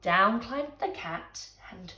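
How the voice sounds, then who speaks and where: Woman reading a bedtime story real slow, lots of ups and downs, whispers bits, echoey room. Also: medium pitch. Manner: animated, dramatic storytelling with whispers. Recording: echoey room, faint music.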